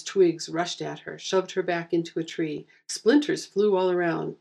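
A woman reading a fantasy story aloud with steady, wry narration. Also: on the low side, gravelly.

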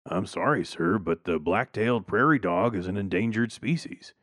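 A man's voice: lowish voice, moderate pace, fairly bright tone, dry recording, studio quality. A man voicing a polite, businesslike pest controller. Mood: apologetic. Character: matter-of-fact male pest controller.

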